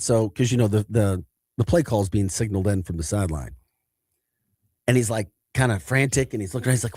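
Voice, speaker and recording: A man's voice: fairly low pitch, quick pace, a little mellow, no echo, studio quality. A man in his thirties with a St. hosting a morning sports talk show, opinionated and emphatic, often laughing. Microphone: studio mic.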